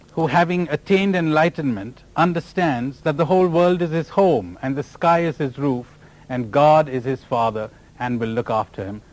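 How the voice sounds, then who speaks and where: A man's voice: on the high side, low-quality recording. A man from India, giving a spiritual lecture full of stories and laughing at his own jokes. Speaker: spiritual teacher.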